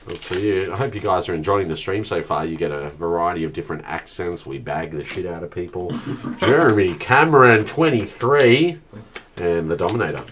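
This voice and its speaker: A man's voice: sits low, moderate pace. An Australian man hosting a live card break, bantering casually and calling out players and numbers. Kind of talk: casual live-stream chat. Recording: steady background noise.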